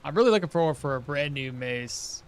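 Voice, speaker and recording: A man with a notably high voice talks loosely over a live game stream. He rambles off into side stories, trails off mid-thought and chuckles often. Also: animated, fairly quick, smooth. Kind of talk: casual live-stream chat while playing.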